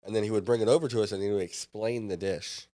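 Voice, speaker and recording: A man's voice: fairly low pitch, fairly even intonation, fast talker, mellow. A man in his thirties, a podcast guest, telling a story casually and acting out the dialogue.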